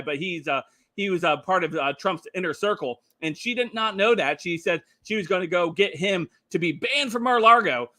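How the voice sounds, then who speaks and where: Middle-aged guy chatting on his stream, kinda high voice, lots of uhs and little laughs. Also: bright, forceful tone. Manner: rambling, chuckling, many filler words. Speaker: livestream commentary host. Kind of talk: casual political commentary stream.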